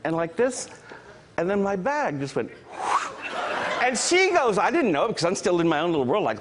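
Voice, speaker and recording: A man who is a guest on a talk show, telling funny stories in an animated way and jumping into high squealing punchlines. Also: normal speed, long pauses, noisy background. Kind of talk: comic storytelling on a talk show.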